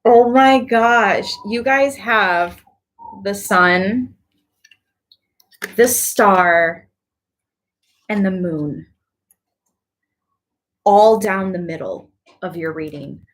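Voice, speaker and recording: A woman talks through a tarot reading in a relaxed, chatty way. She laughs easily and drifts into lively asides. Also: lowish voice, drawn-out words, long pauses. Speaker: tarot reader. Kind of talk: casual tarot reading to camera.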